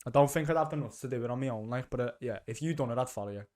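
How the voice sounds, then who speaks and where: A man's voice: medium pitch, racing, darkish tone. A young man with a Liverpool accent co-hosting a podcast, chatting in a laid-back, laughing, sweary way. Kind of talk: casual chat.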